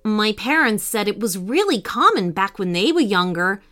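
A woman voicing a steady, calm young male T-rex, the eldest of a group of dinosaur friends, in a storybook reading. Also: mid-range voice, normal speed, faint music behind, close to an everyday voice.

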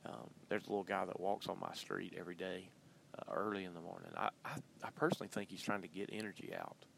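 Low, gravelly man hosting a casual podcast from behind the wheel, loose and filler-heavy. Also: fairly even intonation, quick pace, fairly bright tone, a little hiss or hum. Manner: loose and chatty, many ums and uhs. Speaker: podcast host. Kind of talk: casual rambling monologue. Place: in a car while driving.

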